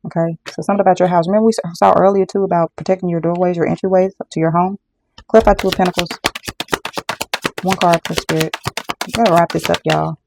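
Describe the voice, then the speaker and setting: Gravelly tarot reader talking emphatically. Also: mid-range voice, level tone, quick pace, darkish tone, a little hiss or hum. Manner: emphatic and repetitive, addresses viewers as y'all. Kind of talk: casual tarot card reading to viewers.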